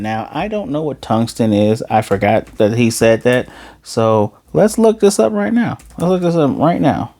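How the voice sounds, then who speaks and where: A man recapping an anime episode in a loose, excited way, jumping into quick voices for the characters and throwing in slang. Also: medium pitch, dry recording. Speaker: anime reviewer.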